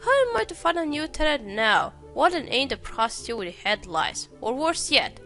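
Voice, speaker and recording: A woman voicing a sharp-tongued, cold landlady in a detective game, reading her lines aloud. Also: high voice, big pitch swings, normal speed, soft background music, pitched above the performer's own voice, heavily acted. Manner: read aloud from on-screen text.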